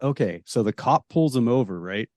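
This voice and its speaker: A man's voice: mid-range voice, animated, moderate pace, a little mellow, no room sound. A man in casual podcast chat, laid-back, swearing and quoting his own reactions. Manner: laid-back, swearing, quotes himself a lot. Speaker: podcast co-host.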